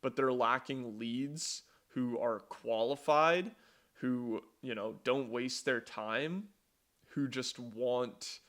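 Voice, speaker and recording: A man's voice: medium pitch, takes it slowly, fairly bright tone. A young man talking casually in a vlog about his business, rambling and swearing, with frequent restarts. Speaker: vlogger, entrepreneur.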